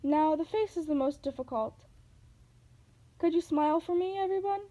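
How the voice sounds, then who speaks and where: Storybook villainess: woman reader voices a coaxing old monster woman, purring, warm tone. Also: extremely high pitch, normal speed, pitched above the performer's own voice, poor audio. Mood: sweetly coaxing. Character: Medusa as sweet old woman, scheming female monster.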